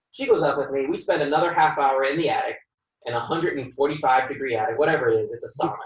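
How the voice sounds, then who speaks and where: A home inspector being interviewed tells his stories with energy, slipping into the voices of the people he quotes and laughing along the way. His voice is of ordinary pitch for a man. It reaches the listener from a mic set well back, in a room that echoes. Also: quick pace. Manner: lively storyteller who acts out quoted dialogue and laughs often. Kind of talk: podcast interview storytelling. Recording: roomy sound from a distant mic.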